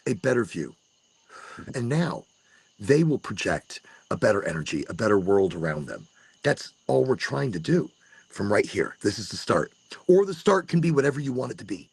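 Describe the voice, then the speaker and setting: A man's voice: a little high, vocal fry, husky, dry recording. A man hosting a casual late-night podcast monologue outdoors on rural land, rambling and restarting his words as he drifts between jokey asides and earnest encouragement. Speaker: podcast host. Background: crickets and insects.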